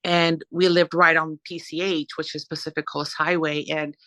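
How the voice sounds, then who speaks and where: A woman's voice: low voice, moderate pace, no echo. Chatty woman guest telling stories. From Southern California. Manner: animated, rambling storyteller with fillers. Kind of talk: conversational storytelling.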